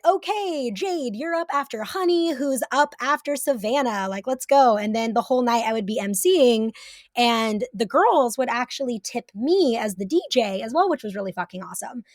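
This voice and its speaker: A woman's voice: a little high, darkish tone, dry recording. Chatty woman with a dry close sound. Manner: chatty, swears freely, many fillers. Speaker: podcast guest, artist. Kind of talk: casual chat.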